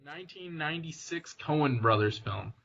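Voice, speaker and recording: A man's voice: fairly high pitch, animated, moderate pace, gravelly, a bit bright, highs cut off. A young man hosting a casual film discussion podcast, chatty and eager as he sums up the plot. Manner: chatty, summarizes plot, frequent restarts. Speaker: podcast host.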